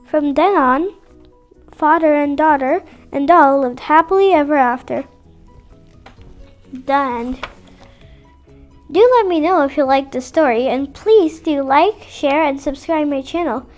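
A woman narrating a fairy tale as a bedtime storyteller for children, clear and expressive. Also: high voice, unhurried, pauses often, soft background music.

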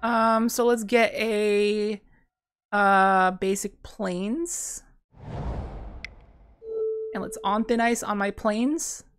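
A woman casually commenting on her own card game as she plays, thinking aloud with sudden bursts of excitement. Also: mid-range voice, drawn-out words, pauses often, clear, resonant tone. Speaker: gameplay streamer.

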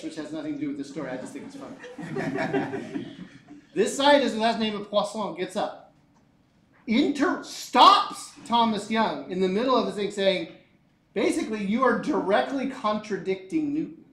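A man's voice: high-pitched, normal speed, slight background noise. Joking male teacher in an echoey classroom. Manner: lively, joking, asks the class questions. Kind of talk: classroom lecture.

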